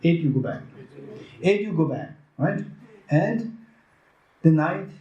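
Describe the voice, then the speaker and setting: A male Buddhist teacher with a Tibetan accent addresses a retreat audience in a fairly high voice. He teaches in a lively way, firing questions at the room and acting out the voices of others. The sound is roomy and echoey. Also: slow, dull audio.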